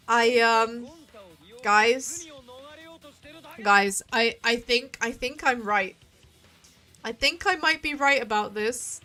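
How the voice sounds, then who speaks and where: A woman's voice: a little high, slow pace, sharp tone, soft background music. A woman doing casual let's-play commentary as a streamer, emphatic and swearing often.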